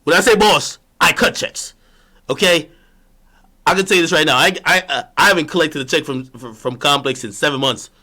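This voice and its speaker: A man ranting in a solo monologue, mocking and boastful, going from loud taunts to low muttered asides. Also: brisk. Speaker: streamer.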